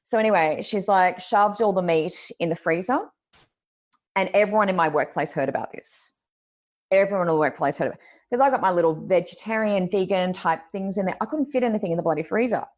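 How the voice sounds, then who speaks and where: Animated woman telling a story. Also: lowish voice, a little fast. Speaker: podcast host. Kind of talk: casual chat, storytelling.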